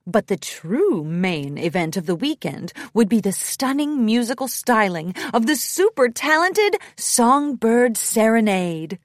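A woman's voice: on the high side, very animated, measured pace, few pauses, no room sound. Woman storybook narrator; lilting, sing-song delivery, dry close recording. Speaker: audiobook narrator. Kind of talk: storybook read-aloud.

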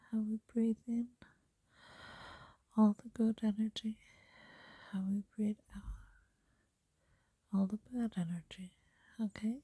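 Woman, whispered role-play as a comforting girlfriend, super slow soft whisper, warm mellow tone. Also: a little high, breathy edge, no echo. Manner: soft soothing whisper, tender and reassuring.

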